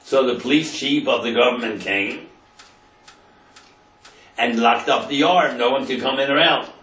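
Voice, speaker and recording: A man's voice: medium pitch, unhurried, bright, forceful tone, echoey room, recorded from a distance, rough recording. A man, a rabbi, telling a story in a class and translating Hebrew phrases into English with dramatic emphasis.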